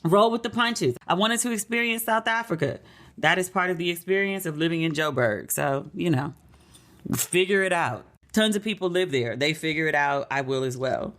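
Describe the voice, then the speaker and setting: A middle-aged American woman hosts a podcast, chatting casually at a normal speed in a fairly low, slightly bright voice. As she tells her stories, she acts out the people she quotes by raising her voice.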